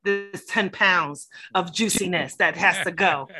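A woman's voice: lowish voice, a little slow, music in the background. A woman co-hosting a casual talk show, playful and welcoming, teasing herself with a laugh. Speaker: co-host. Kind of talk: casual radio show chat.

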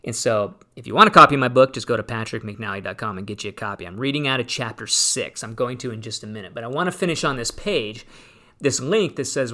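Male solo host, 40s, money talk; animated, sarcastic, easily fired up. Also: mid-range voice, fast talker. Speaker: retirement planning radio host. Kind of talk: casual solo talk show.

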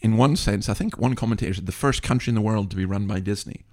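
A man's voice: on the low side, fast, darkish tone. A man in his sixties hosting a podcast, giving an indignant, wry commentary full of asides. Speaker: podcast host. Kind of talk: opinionated commentary monologue.

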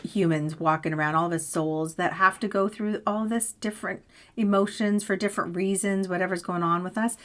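A woman's voice: fairly low pitch, steady tone, fairly quick, fairly bright tone. A woman in casual conversation, candid and laughing often, swearing freely as she talks through a personal story. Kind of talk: casual chat.

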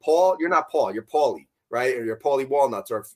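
A man's voice: mid-range voice, expressive, a little fast. A man from the Connecticut and New York area, a podcast guest who tells easygoing stories and quotes his own past conversations. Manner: easygoing storyteller, quotes himself in dialogue. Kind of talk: casual storytelling.

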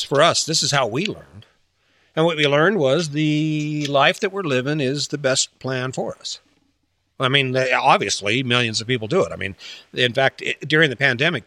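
A man's voice: medium pitch, bright, forceful tone, dry recording. A man giving a casual motivational talk, blunt and full of rhetorical questions, with some swearing and mocking quoted voices.

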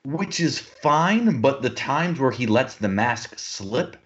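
A man's voice: mid-range voice, very animated, takes it slowly, lo-fi sound. A man co-hosting a casual film podcast who gives blunt criticism.

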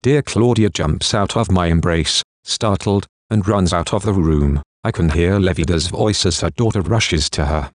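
A man narrating an audiobook in the first person, with steady, measured storytelling. His voice sits very low. The recording is close and dry, with no room sound. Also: no room sound.

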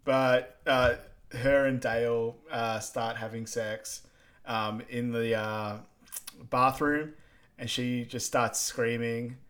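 A man's voice: medium pitch, steady tone, takes it slowly, fairly bright tone. Easygoing man in a casual recap. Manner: easygoing, hesitant, many fillers and restarts. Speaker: podcast co-host. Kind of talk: casual film recap chat.

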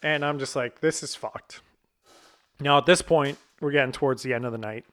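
Thirtysomething guy telling a story, swears a lot, laughs at himself, normal pitch. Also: steady tone, fast, a bit bright. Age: 30s. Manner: blunt and profane, laughing at himself. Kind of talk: casual storytelling.

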